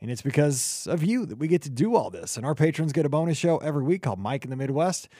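A man hosting a podcast in upbeat chat, his voice a little hoarse from cheering. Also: fairly high pitch, fast talker, no echo, studio quality. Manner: energetic, enthusiastic. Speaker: podcast host.

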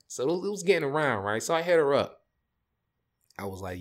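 Animated slangy man telling a story. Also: mid-range voice, normal speed. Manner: animated, slangy, jumps into voices. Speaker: podcast host. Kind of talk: casual storytelling podcast.

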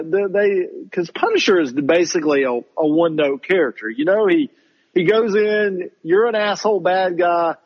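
A man co-hosting a podcast, ranting in casual chat about a show he disliked and mocking it in a high voice. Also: slightly rough, lo-fi sound. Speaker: podcast co-host reviewing shows.

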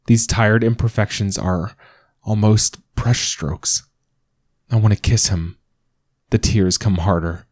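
A man narrating a first-person story in a calm, measured reading voice. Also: sits low, no room sound, studio quality.

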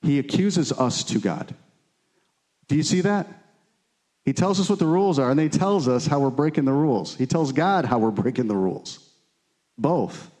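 A man's voice: a little high, darkish tone. A man preaching a sermon, earnest and emphatic, often repeating his key phrases. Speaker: pastor.

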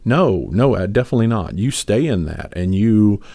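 With a lowish, gravelly, warm voice, this man speaks animatedly at a normal speed, with no echo. He's co-hosting a podcast, rambling earnestly through a casual discussion of faith and frequently restarting or using fillers.

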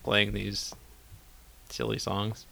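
A man with a lowish voice that has a gravelly rasp and a bright, forward edge. He chats casually as a podcast co-host, laid-back and a little hesitant, laughing often. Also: monotone, takes it slowly. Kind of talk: casual chat.

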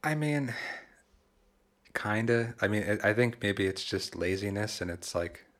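Deep-voiced laid-back man. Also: expressive, unhurried, fairly bright tone. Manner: laid-back, hesitant, swears casually. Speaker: podcast co-host. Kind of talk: casual chat.

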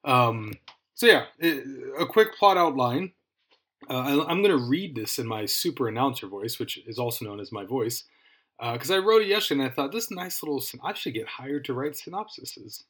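An Irish man talks through a book on his podcast in a relaxed, chatty way. His voice sits at an ordinary middle pitch. He rambles, jokes at his own expense and often restarts mid-sentence. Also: moderate pace, husky. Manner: rambling, self-deprecating, frequent restarts. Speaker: podcast host. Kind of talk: casual book review.

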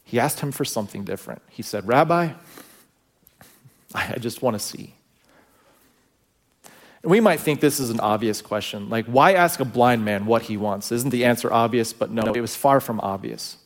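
A man preaching a sermon in a relaxed, storytelling voice that sits at a middle pitch. He talks to the congregation casually, with asides, and lets the ends of his phrases drop away quietly. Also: fairly quick, hardly any pauses. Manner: storytelling with acted-out quotes, conversational asides. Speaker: pastor.

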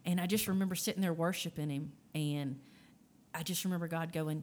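A woman sharing a personal faith testimony in a casual, animated storytelling way, acting out the voices she quotes. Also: low voice, a little fast.

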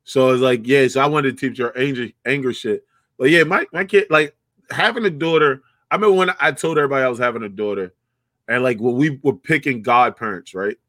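A young man with a bright, forceful voice tells a lively, swearing-heavy story in casual chat. The sound is dry and close, with no room echo. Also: medium pitch, a little fast. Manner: animated storytelling, laughs often, swears freely.

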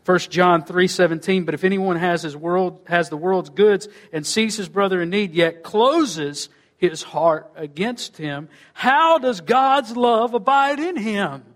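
A man preaches a sermon in a fairly high voice. He pushes phrases up and loud, then lets them sink low and soft at the ends. His delivery rolls between quick storytelling and slow, weighty lines. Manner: preaching with wide swings in pitch and loudness, dropping low and quiet at phrase ends. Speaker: pastor.

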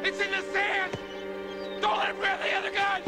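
Frantic shouting gunfight man. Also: extremely high pitch, completely flat delivery, moderate pace, over loud music. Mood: panicked. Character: panicked man yelling in a desert gunfight. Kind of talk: film scene.

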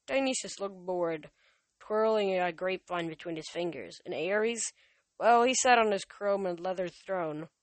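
A woman with a fairly low voice reads a storybook aloud at home. The recording is dry and close. She lifts her voice for the characters' lines. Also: measured pace, no room sound. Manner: reads dialogue louder and higher than narration. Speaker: reader. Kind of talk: amateur audiobook reading.

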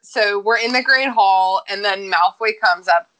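A woman's voice: medium pitch, measured pace, pushed and bright. A woman co-hosting a podcast, chatting frankly and teasing her co-hosts. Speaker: podcast co-host. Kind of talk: casual chat.

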